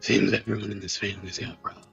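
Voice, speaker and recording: A man's voice: lowish voice, flat delivery, rapid-fire, vocal fry, a bit bright, soft background music, voice pushed down. A man voicing an old, weary male British butler with a put-on British accent, lo-fi sound.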